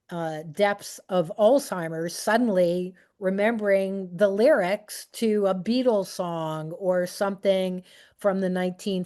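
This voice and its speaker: A woman's voice: on the low side, a little mellow. A middle-aged woman speaking casually to a group, chatty and anecdotal. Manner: chatty and anecdotal, with fillers and restarts. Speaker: speaker on aging and technology.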